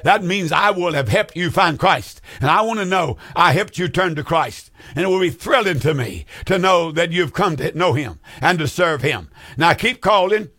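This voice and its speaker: A man's voice: a little high, animated, normal speed, hardly any pauses, sharp tone. A man preaching on a broadcast, earnest and pleading, with many fillers. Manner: earnest, pleading, repeats phone numbers with fillers. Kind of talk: broadcast sermon appeal.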